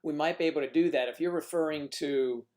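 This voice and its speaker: A man's voice: on the high side, fast, a little mellow. A man hosting a casual livestream, chatting and joking while answering viewer comments. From northern United States. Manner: chatty, jokey, reads viewer comments aloud. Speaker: livestream host.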